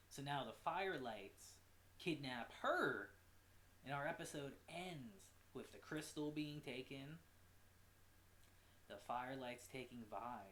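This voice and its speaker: Animated man recapping an episode. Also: mid-range voice, echoey room, a little hiss or hum. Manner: animated, swears casually, quick asides. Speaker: anime reviewer.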